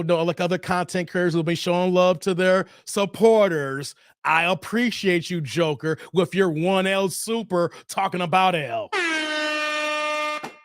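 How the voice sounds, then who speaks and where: A man with a high-pitched voice hosts his own live stream, answering viewer comments in playful protest. The sound is dry and close, with no room around it. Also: smooth, no echo. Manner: joking, reacts to viewer comments. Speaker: host. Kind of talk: livestream chat reading.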